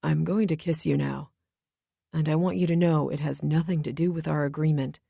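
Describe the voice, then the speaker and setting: A tender young man with a deep, gentle voice murmurs close and soft, voiced by a woman reading the story. The tone is warm and mellow, with a gravelly edge, set in an audiobook romance. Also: fairly even intonation, moderate pace, dry recording.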